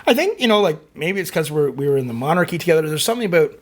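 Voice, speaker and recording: A man's voice: on the high side, big pitch swings, rapid-fire. A middle-aged man hosting a music reaction channel, chatting loosely as he reads out viewer comments, rambling and full of fillers. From Canada. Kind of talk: casual chat reading viewer comments.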